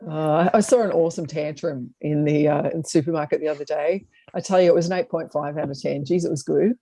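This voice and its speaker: Woman co-host, mellow and laughing, telling comedy stories over a dry video-call line. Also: sits low, steady tone, fast, slightly rough, no room sound. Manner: chatty storyteller, laughs often. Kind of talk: casual comedic chat.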